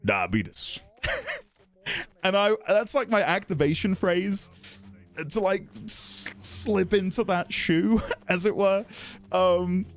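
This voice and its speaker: A man's voice: high-pitched, steady tone, slow. A man chatting casually on a live stream while playing a game, giggly and self-deprecating.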